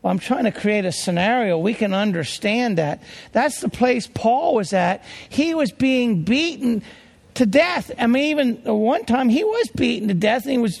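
High gravelly male preacher in a hall. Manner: emphatic, restarts phrases, drops low for grim details. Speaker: pastor. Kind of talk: sermon. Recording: long hall reverb.

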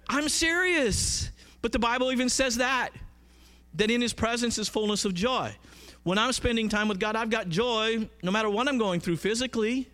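A man's voice: high voice, lively intonation, moderate pace, a bit bright. A man preaching a conversational sermon, emphatic and often asking his listeners questions.

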